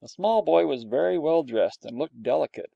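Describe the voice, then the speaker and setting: A man with a gravelly voice reading a storybook aloud in a dry, wry first-person telling. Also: fairly high pitch, animated, moderate pace, dark tone, no room sound, dull audio. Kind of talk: storybook narration.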